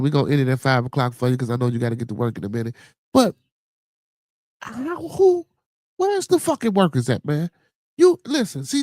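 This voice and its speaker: Animated Chicago man hosting a podcast. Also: mid-range voice, no echo, studio quality. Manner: animated, profane, reacts to live chat comments. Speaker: podcast host. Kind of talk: casual live-stream chat.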